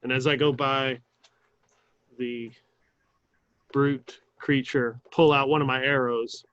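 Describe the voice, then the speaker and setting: A man playing a tabletop game who speaks slowly and hesitantly, stopping often between words. His voice is dry and dull, as if picked up by a basic lo-fi microphone. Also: mid-range voice, level tone, fairly bright tone, no room sound. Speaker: player. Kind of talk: casual tabletop game play.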